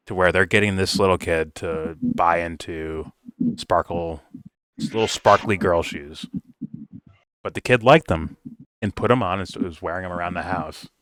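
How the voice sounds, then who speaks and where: A man's voice: low voice, a bit bright, no room sound. A man giving a casual review, talking bluntly and swearing freely. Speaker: film reviewer. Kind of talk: casual commentary rant.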